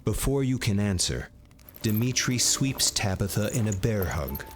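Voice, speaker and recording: A man giving measured second-person scripted narration for a game. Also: fairly low pitch, very animated, a little hiss or hum.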